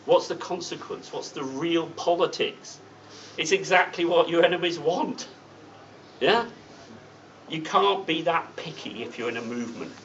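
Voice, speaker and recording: A man's voice: a little high, a little slow, a bit bright. Blunt man speaking from a distance. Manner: blunt, anecdotal, with sardonic asides. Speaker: guest speaker at a political meeting. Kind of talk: political speech. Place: meeting room. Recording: distant mic, dull sound, faint hiss.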